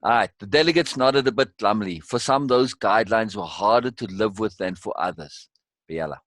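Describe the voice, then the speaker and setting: An older man hosting a live reading, chatting casually and then reading narration, animated and quick to laugh. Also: on the low side, no room sound. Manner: animated, laughing, repeats himself. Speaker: host and reader.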